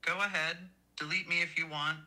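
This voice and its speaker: A man's voice: fairly high pitch, flat delivery, a little fast, bright, forceful tone, slight background noise, low-quality recording. A text-to-speech male voice playing a rude, insulting AI chatbot clone that mocks the person it talks to. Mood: taunting. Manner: mocking, taunting insults.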